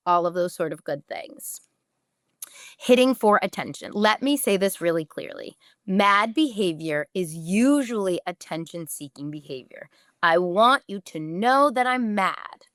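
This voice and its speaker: A woman's voice: mid-range voice, animated, unhurried, a bit bright, no room sound, studio quality. A woman, a podcast host giving direct, emphatic parenting advice and briefly acting out what parents and children say.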